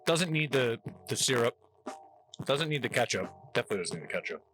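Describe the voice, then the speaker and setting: A man's voice: mid-range voice, big pitch swings, brisk, fairly bright tone, slight background noise, poor audio. A man from New Jersey hosting a casual food-tasting vlog, chatty and wry as he jokes between bites. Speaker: host.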